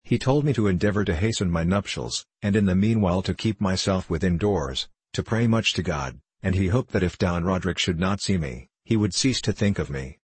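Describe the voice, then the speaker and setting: A man reading Lucy, a gentle young bride. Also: low-pitched, expressive, fairly quick, few pauses, breathy edge, no room sound. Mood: pleading. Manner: gentle, pleading.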